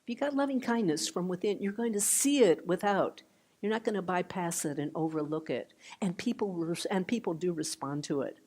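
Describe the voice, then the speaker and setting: An older woman giving a meditation talk, gentle and unhurried, with soft trailing phrases and restarts. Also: lowish voice. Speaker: meditation teacher. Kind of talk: dharma talk. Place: meditation hall.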